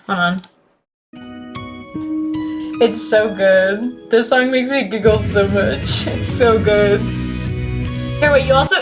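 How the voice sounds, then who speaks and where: Profane, excitable young woman streamer. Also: fairly high pitch. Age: late teens. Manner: profane, excitable, swings from loud to mumbled. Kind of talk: casual chat.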